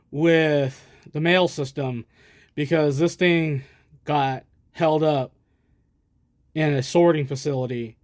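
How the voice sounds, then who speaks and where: A man's voice: a little high, dry recording, clean studio sound. Chatty American man showing old gear. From United States. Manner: rambling, chatty, self-deprecating asides. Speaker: collector showing vintage gear. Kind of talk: casual show-and-tell. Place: indoors, at a camera stand.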